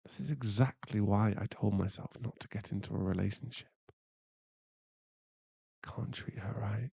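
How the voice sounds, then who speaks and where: A man's voice: fairly low pitch, moderate pace, creaky, mellow, slightly rough, no room sound, highs cut off, heavily acted. A man voicing a young boyfriend who is hot-tempered but remorseful, in a whispered role-play, swearing and then murmuring apologies.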